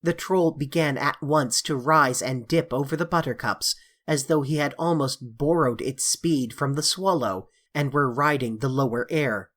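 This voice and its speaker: A reader with a mid-range voice narrates a classic fantasy novel at a measured, even pace. The delivery is steady and descriptive, in the style of a full-length audiobook. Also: mid-range voice.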